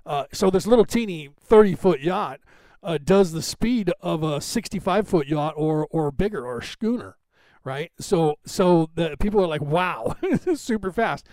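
Middle-aged Californian man, loose, rambling live-stream host, slightly high voice, dry recording. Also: lively intonation, normal speed, warm tone, no echo. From Northern California. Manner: chatty, digressive, tags sentences with "right?". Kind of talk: rambling casual chat to live viewers.

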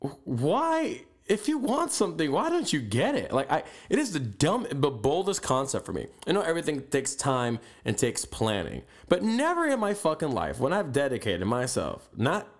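A man's voice: fairly high pitch, wildly swooping pitch, moderate pace, few pauses. A young man hosting a podcast, ranting bluntly and profanely in a motivational monologue. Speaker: podcast host. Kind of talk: motivational rant.

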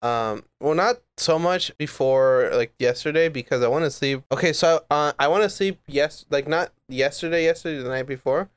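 A man's voice: on the high side, moderate pace, few pauses, clear, resonant tone, dry recording. A young man swearing freely and telling loose stories in a casual chat with a friend. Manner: loose storytelling, heavy swearing.

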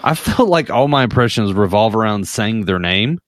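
Low-voiced guy co-hosting, rambly and chuckling, dry close sound. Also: expressive, moderate pace, dry recording. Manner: rambling, lots of fillers and laughs. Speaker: podcast co-host. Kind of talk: casual chat.

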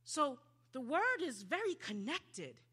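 A woman preacher giving a sermon, swinging dramatically from hushed to loud. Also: sits high, sing-song, takes it slowly.

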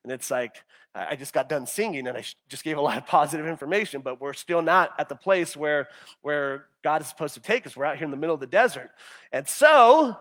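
A male pastor preaching a sermon in an animated way, often stumbling and repeating words as he acts out the people's complaints. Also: on the high side, fairly quick.

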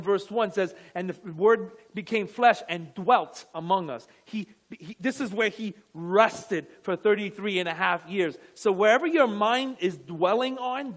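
A man's voice: sits high, fairly bright tone. A male pastor preaching a sermon with fervent, emphatic delivery and asides to the congregation.

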